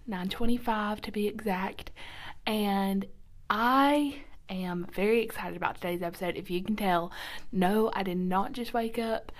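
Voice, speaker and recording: A woman hosting a casual devotional podcast, chatty and upbeat, often dropping to a soft whisper, recorded in a quiet church nursing room. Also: medium pitch. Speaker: podcast host.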